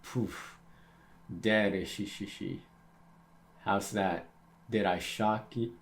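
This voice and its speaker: A man's voice: lowish voice, steady tone, takes it slowly, vocal fry. A man reading as a jovial old giant. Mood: fond.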